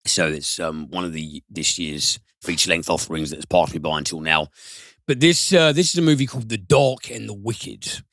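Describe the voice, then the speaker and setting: Lively man reviewing films. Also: normal speed, no room sound. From United Kingdom. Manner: animated, swears, mimics voices with big pitch jumps. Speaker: podcast film reviewer. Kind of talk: casual podcast film review.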